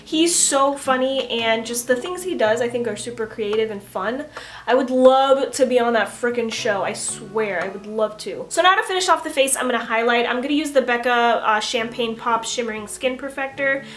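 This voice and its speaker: A young woman in her twenties chatting casually through a makeup tutorial, telling stories in an animated, giggly way. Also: fairly high pitch, moderate pace, soft background music. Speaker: beauty vlogger.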